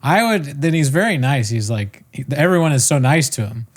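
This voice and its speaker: A man hosting a podcast in casual chat, easygoing and quick to laugh. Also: medium pitch, animated. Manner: easygoing, laughs often, rambling. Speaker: podcast host.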